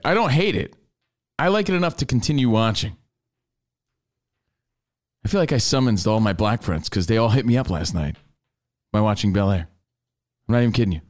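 A man's voice: fairly low pitch, lively intonation, normal speed, pauses often, a little mellow. Easygoing male podcast host. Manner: easygoing, rambling, joking. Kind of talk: casual chat.

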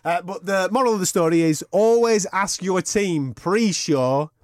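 A man with a slightly raised pitch hosts a podcast in loose, joking banter, ribbing his co-host and swearing as he goes. The sound is close and dry, with no room around it. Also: measured pace, a little mellow, no room sound. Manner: jokey, swearing, teasing. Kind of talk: casual banter.

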